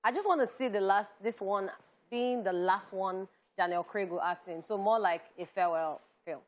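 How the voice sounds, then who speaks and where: A woman's voice: mid-range voice, moderate pace. A woman with a Nigerian accent chats on a studio talk show with a middling voice. She gushes with enthusiasm in an easy, conversational way. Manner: enthusiastic, gushing about stars. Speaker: co-host. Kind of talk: casual TV chat show banter.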